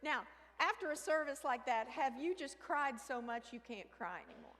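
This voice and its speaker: A woman telling a comic story on stage, animated, with sudden shrieks and hushed asides. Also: high-pitched, normal speed. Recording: reverberant hall with faint ambience.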